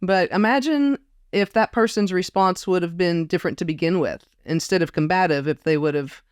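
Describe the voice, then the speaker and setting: A woman's voice: on the low side, moderate pace, a little mellow, clear, resonant tone, no echo, clean studio sound. A woman guest in a casual conversation, reflective and storytelling, often quoting others. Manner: reflective storyteller, quotes others with put-on voices. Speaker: podcast guest.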